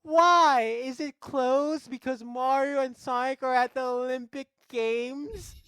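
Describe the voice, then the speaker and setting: Man doing a fretful princess, high falsetto, comedy bit. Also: steady tone, slow, pushed and bright, smooth, no echo, studio quality, full character voice. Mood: fretting. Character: fussy young princess, high and fretting.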